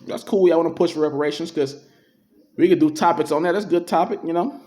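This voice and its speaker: A man's voice: on the high side, dark tone. Emphatic man preaching casually. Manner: emphatic, street-casual, slows down to read verses aloud. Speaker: religious commentator. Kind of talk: casual preaching commentary reading scripture.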